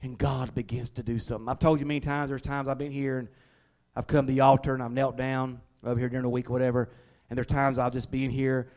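A male pastor, preaching a sermon in a folksy, conversational way and leaning on slowed, emphatic stresses. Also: mid-range voice, flat delivery, a little mellow. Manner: emphatic, with slowed dramatic stresses and acted-out prayers.

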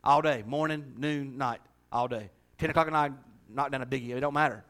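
A man's voice: mid-range voice, fairly quick, a bit bright. A man preaching and making church announcements in a folksy, joking, chatty way. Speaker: pastor.

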